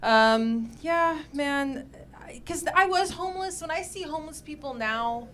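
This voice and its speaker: A woman with a high voice is on a comedy club stage with a handheld mic, doing a stand-up set. She tells crude stories in a deadpan way and swears a lot. Her tone is bright and forward. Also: a little slow.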